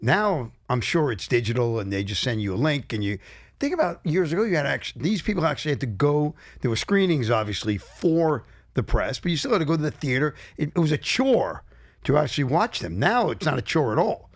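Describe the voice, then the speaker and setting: A middle-aged man co-hosting a casual talk show, chatting and reminiscing in a lively way. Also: on the high side, fairly quick, dry recording, clean studio sound. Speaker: co-host.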